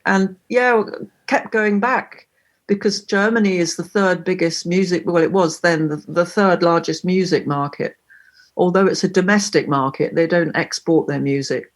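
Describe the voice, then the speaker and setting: A woman, a singer-songwriter guest, chatting casually in an interview and telling lively stories with frequent laughs. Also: lowish voice, normal speed. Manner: lively storyteller, laughs often.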